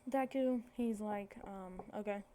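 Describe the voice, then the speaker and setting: Speaking at a measured pace in a mellow, mid-range voice, a woman spins a made-up fan story in a casual way. Her telling rambles, is full of fillers, and she keeps correcting herself.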